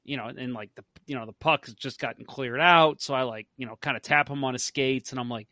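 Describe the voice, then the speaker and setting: A man hosting a hockey podcast, telling stories in a casual, animated way and laughing often. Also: mid-range voice, brisk, no room sound. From St. Louis area. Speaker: podcast host. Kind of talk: casual chat.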